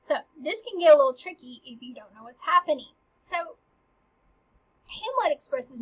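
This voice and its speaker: A woman's voice: sits high, big pitch swings, normal speed, fairly bright tone. A young woman teaching a casual literature lesson, chatty, full of slang and "like". The recording is dull and lo-fi. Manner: chatty, uses slang and "like" a lot.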